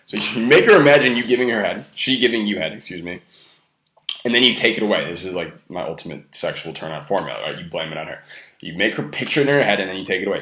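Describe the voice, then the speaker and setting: Male dating coach, low-pitched, rapid casual delivery, roomy echo. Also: lively intonation, a bit bright. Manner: rapid, loose, filler-heavy talk. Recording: echoey room.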